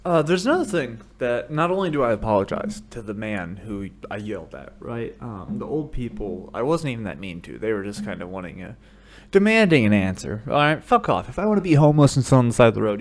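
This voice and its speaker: An American man hosting a podcast, telling rambling comedic stories full of swearing that break into shouted rants, speaking into a studio microphone. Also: mid-range voice. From United States. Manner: profane, rambling storytelling that bursts into shouted rants. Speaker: podcast host. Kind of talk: solo comedic monologue.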